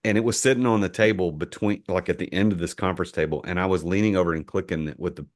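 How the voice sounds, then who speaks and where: A middle-aged man from the US, a podcast guest telling a business story in an animated way, often repeating words as he starts a sentence. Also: sits low, fast. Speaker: entrepreneur guest.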